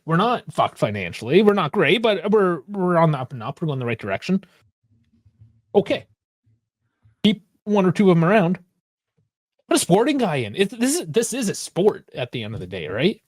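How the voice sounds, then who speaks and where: A man's voice: on the high side, no room sound, clean studio sound. A man co-hosting a sports podcast, asking pointed questions and speaking bluntly with profanity. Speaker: podcast co-host. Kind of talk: casual sports podcast chat.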